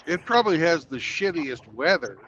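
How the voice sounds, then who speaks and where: A man's voice: a little high, sing-song, moderate pace, a bit bright, muffled recording, slight background noise. A man working as a truck driver, chatting casually with dry humor and plenty of swearing. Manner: dry, swearing, wry understatement. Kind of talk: casual chat.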